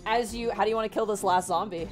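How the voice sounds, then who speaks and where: A woman's voice: medium pitch, fairly even intonation, fast talker, a little mellow, soft background music. A woman narrating as game master of a tabletop game, chatty and laughing between lines.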